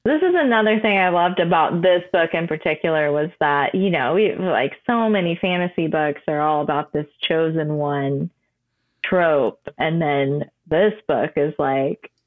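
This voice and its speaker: A woman's voice: sits low, unhurried, dry recording, phone-quality sound. Giggly Minnesotan woman guest. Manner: giggly, animated storytelling. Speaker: podcast guest. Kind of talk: casual book discussion.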